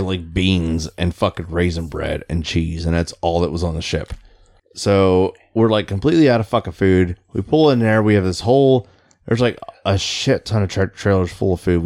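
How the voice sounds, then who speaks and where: A man's voice: low voice, darkish tone. A middle-aged man, a Navy veteran, telling rambling stories in casual chat, swearing freely and laughing along.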